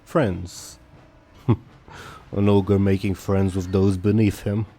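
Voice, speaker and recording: A man voicing a brutal, haughty one-eyed male ogre chieftain in a tabletop game, grunting out slow, broken words that turn stiffly formal. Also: sits low, flat delivery, mellow, heavily acted.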